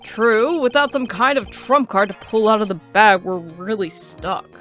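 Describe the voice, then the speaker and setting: A woman reads an earnest young male lawyer with a wry, nervous streak. Her voice sits mid-pitched, with faint game music behind. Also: measured pace, a bit bright, natural voice.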